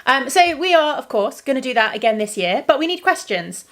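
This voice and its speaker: Chatty woman vlogger, slightly high voice. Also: very animated, a little fast, fairly bright tone. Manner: chatty, many ums, laughs often. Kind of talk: casual evening chat to camera.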